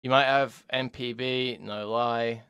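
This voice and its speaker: A man reading out text messages and commenting on them sarcastically, swinging from mocking shouts to low mutters. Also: steady tone, slow, smooth. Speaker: commentary youtuber.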